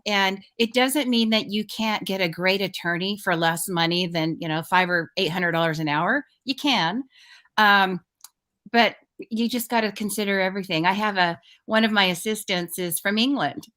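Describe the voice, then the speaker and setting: A woman as a talk show guest, explaining in a relaxed conversational way with everyday examples. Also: medium pitch, moderate pace. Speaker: guest financial expert. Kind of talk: casual talk show chat.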